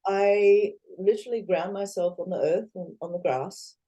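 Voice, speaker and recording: A woman's voice: mid-range voice, normal speed. A woman, a guest in a casual interview, talking animatedly and acting out what others say. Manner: animated, acts out quoted voices, laughs often.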